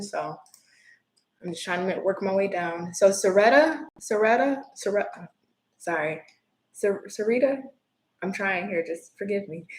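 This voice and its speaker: A woman's voice: medium pitch, fairly bright tone, echoey room, low-quality recording. A woman giving a live-stream tarot reading, earnest and emotional, with apologetic asides. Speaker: tarot reader.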